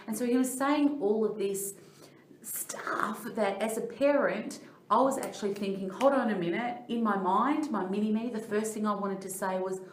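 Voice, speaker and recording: A woman's voice: mid-range voice, unhurried, slight background noise. A middle-aged Australian woman, a life coach, explaining ideas earnestly in a training talk and telling personal stories. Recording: echoey room.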